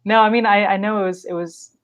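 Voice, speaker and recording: A young woman, a wildlife biologist guest, telling an animated story in a casual podcast chat, with lots of "like" and quick laughs. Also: medium pitch.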